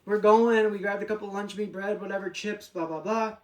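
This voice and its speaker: A woman guest on a podcast telling a story in a brash, profane way, getting loud when she acts out the scene. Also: medium pitch, steady tone, a little fast, distant mic. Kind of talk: casual storytelling. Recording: roomy, off-mic with faint ambience.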